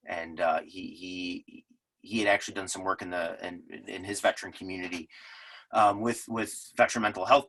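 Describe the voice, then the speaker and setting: A man, giving an earnest presentation to his lodge. His voice sits very low but has a bright, forceful edge, and he tells his stories with plenty of fillers and restarts. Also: poor audio. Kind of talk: unscripted presentation talk.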